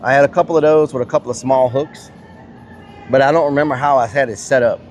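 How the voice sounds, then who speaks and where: A man's voice: mid-range voice, fairly even intonation, fast, darkish tone, faint music behind. Blunt middle-aged man streaming outdoors. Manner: blunt, swears casually, answers chat. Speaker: livestreamer. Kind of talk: casual live-stream chat while fishing. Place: outdoors by a river.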